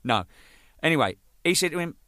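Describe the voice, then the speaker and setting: A man rambles through band stories, swearing freely and bursting into shouted quotes. His pitch swings widely as he talks, with a bright, forward tone. The sound is dry and close, with no room around it. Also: very animated, brisk, no room sound. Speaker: band drummer telling stories. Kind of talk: casual storytelling monologue.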